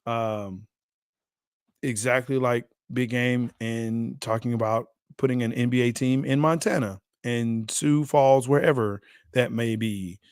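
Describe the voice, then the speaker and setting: Male podcast co-host, mid-pitched, loose and jokey, dry close sound. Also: clean tone, no room sound. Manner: loose, laughs easily, rushes in bursts. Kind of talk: casual sports chat.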